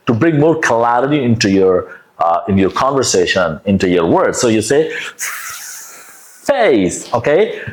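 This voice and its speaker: A man teaching English pronunciation, modeling words slowly and exaggerating the sounds for learners to repeat. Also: mid-range voice. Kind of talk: pronunciation lesson with drills. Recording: echoey room.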